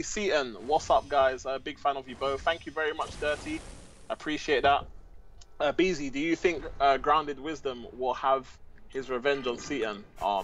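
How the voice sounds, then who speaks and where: A man's voice: mid-range voice, fairly bright tone, slight background noise. A man co-commentating a game livestream in an easygoing way, reading viewers' chat aloud and bantering. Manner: easygoing, reads chat aloud, laughs often. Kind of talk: laid-back livestream banter.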